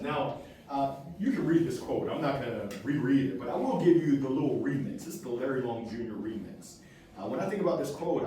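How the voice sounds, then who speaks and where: A man giving an energetic, playful workshop talk to a live audience, quizzing the crowd. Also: medium pitch, slight background noise. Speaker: motivational speaker. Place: meeting room with a live audience. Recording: very echoey room, far from the mic.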